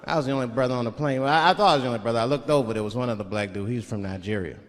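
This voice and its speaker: A male stand-up comedian telling stories, swearing freely and dropping into low murmured asides. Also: rapid-fire, big-room sound. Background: crowd laughter.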